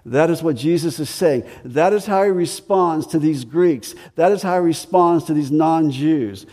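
A man preaching a sermon, deliberate and emphatic, repeating key phrases and slowing down to stress them. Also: fairly high pitch, a little mellow, long reverb tail. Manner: deliberate preaching with slow emphatic stretches and repetition. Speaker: pastor.

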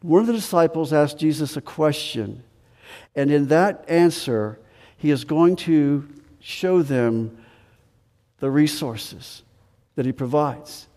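A man preaches a sermon, his voice fairly high but warm and mellow. He repeats key phrases and presses rhetorical questions on the congregation. His words ring out with the long reverb of a large hall. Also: animated, takes it slowly, pauses often. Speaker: pastor.

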